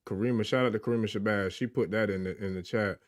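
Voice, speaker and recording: A man co-hosting a spiritual livestream whose voice sits on the low side. He talks in an emphatic, hyped-up way, pressing his points and leaning into his words. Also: fairly even intonation, fast. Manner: emphatic and hyped, addresses people as family. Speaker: livestream co-host. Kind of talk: casual livestream chat.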